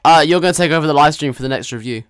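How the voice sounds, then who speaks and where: A man's voice: a little high, rapid-fire, clear, resonant tone, dry recording. A young man chatting jokily to his viewers while commentating a live game stream. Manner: chatty, jokey, talks to viewers.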